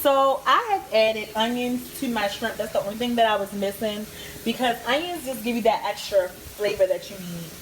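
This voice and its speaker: A woman's voice: fairly high pitch, moderate pace, over loud music. A woman chatting her way through a casual cooking tutorial, talking straight to her viewers. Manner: chatty, talks to viewers as "guys". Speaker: home cook vlogger. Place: home kitchen.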